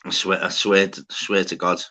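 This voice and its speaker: Bright, sweary Scouse lad. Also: male voice, low voice, little pitch movement, moderate pace. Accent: Liverpool Scouse. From Liverpool, England. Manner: rambling, sweary, says "lad" and "mate" constantly. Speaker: podcast host. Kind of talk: casual chat, storytelling. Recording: dull lo-fi sound.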